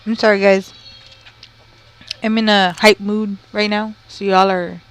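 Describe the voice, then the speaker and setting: Woman, casual stream co-host, mid-pitched, rowdy and jokey, swears freely. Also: level tone, a little slow, clear, resonant tone. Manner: loud, joking, swears, drops Spanish slang. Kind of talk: casual livestream chat. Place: home.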